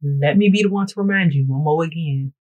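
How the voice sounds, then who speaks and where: A woman vlogger chatting casually to her viewers while getting ready, telling stories in a playful, animated way and often asking if they know what she's saying. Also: low-pitched, fairly quick, lo-fi sound. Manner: playful, animated storytelling with frequent laughs. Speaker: beauty vlogger. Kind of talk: get-ready-with-me casual chat.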